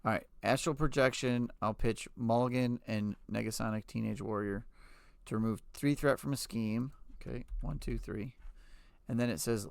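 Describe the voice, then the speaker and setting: A man co-hosting a podcast, playing a card game in casual talk, thinking aloud, reading card text and correcting himself quickly. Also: medium pitch, steady tone, vocal fry, smooth, no room sound, clean studio sound. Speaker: podcast co-host.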